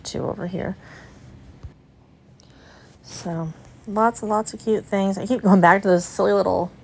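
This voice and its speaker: A woman's voice: on the low side, a little mellow. A young adult woman from the United States chatting and gushing to her viewers as she walks through an antique shop in a casual vlog. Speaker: vlogger and resale booth owner. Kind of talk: casual vlog chat while walking a shop.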